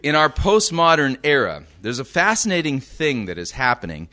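A man from the United States preaching a sermon, reading scripture slowly and emphatically and checking in with his listeners. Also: mid-range voice, huge pitch swings, sharp tone.

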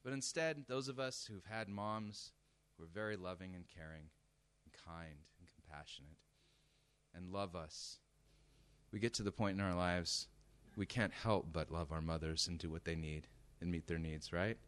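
Bright, emphatic male preacher. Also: deep voice, normal speed, clear, resonant tone. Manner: emphatic, asks the listeners rhetorical questions. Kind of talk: sermon.

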